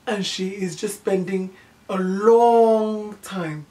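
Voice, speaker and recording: A young woman from Nigeria telling a personal story in a vlog, candid and halting, often repeating herself and checking in with the listener. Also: medium pitch, mellow, recorded from a distance. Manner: halting, candid, repeats herself, asks "do you know what I mean". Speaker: vlogger.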